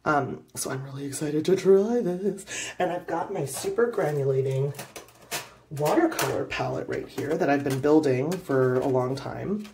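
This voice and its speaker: A woman, a young adult, gushing excitedly in a casual unboxing vlog in her home studio, standing up as she talks. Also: sits low, noisy background. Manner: gushing, excitable, quick bursts of delight. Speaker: art YouTuber.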